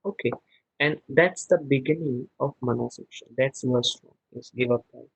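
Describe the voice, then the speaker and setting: Guy teaching a scripture class on a video call, bit husky, dry close sound. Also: medium pitch, normal speed, no room sound, low-quality recording. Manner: explains verses word by word, chanting Sanskrit lines. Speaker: spiritual teacher.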